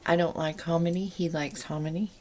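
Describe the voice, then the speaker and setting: A woman's voice: on the low side, fairly even intonation, fairly quick, mellow. A woman chatting casually in her home kitchen as she shows a canning task, rambling into asides as she works.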